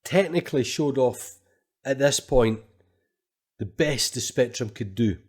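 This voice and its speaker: A man's voice: mid-range voice, unhurried, darkish tone, slightly rough. A man co-hosting a podcast, talking casually and enthusiastically about retro games. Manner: enthusiastic, chatty, reads quotes aloud. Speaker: podcast co-host. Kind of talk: casual retro gaming chat.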